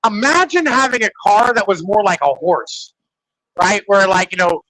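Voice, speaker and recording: A man with a high, bright voice talking in loose podcast banter, packed with swearing and "like" fillers. The sound is dry and close, with no room in it. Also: normal speed, no room sound, low-quality recording. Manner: rambling, profane, filler-heavy ("like", "right?"). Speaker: podcast host. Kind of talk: casual podcast chat.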